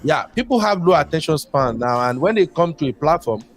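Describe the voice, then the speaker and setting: A man's voice: on the high side, sing-song, a little fast, faint music behind. A man from Nigeria with a Nigerian accent, calling in to a show and talking casually at length, slipping pidgin into his English. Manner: rambling, mixes pidgin into English. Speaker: caller. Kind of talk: casual call-in talk.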